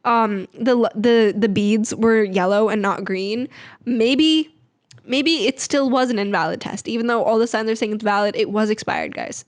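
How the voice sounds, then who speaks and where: A woman's voice: a little high, dry recording. A young woman vlogging in a chatty, rambling, self-mocking way. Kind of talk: casual vlog chat.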